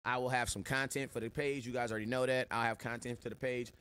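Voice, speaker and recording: A man hosting a sports live stream, giving loud, slangy shout-outs to viewers in casual chat. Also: mid-range voice, little pitch movement, quick pace, clear, resonant tone. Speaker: sports show host.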